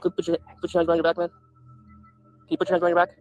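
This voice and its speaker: A man speaking as a police officer on bodycam footage, calm and reassuring while detaining someone. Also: high-pitched, quick pace.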